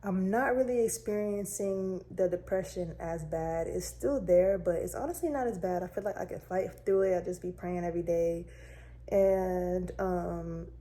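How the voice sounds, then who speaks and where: Mellow-voiced young woman telling a story. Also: lowish voice, normal speed. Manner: chatty and candid, talks straight to viewers. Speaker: vlogger. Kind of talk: casual personal storytelling to camera.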